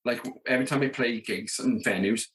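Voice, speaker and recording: A medium-pitched, slightly bright voice moves briskly as a South Welsh rock drummer in his thirties shares tour anecdotes on a podcast. Hailing from the Merthyr Tydfil area, he performs the dialogue in casual fashion and frequently says "you know what I mean."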